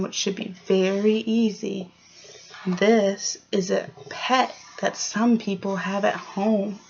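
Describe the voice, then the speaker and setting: A woman teacher giving a clear early-grade phonics lesson, sounding out letters and asking the children encouraging questions. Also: mid-range voice, darkish tone, dull audio. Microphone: home recording for online class.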